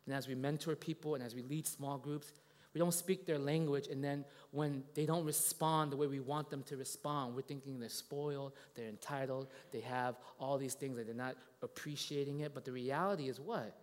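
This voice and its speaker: A man preaching in a church, telling a story in a lively, conversational way and checking in with the congregation again and again. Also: mid-range voice, normal speed, long reverb tail. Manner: animated, conversational, asks many tag questions. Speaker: pastor. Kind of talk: sermon with a told story.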